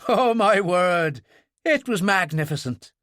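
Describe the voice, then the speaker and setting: A man voicing a blunt, jovial older ship's doctor who tells stories with animated relish. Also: fairly high pitch, unhurried, no echo, clean studio sound. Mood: delighted. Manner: hearty, animated, fond of telling stories.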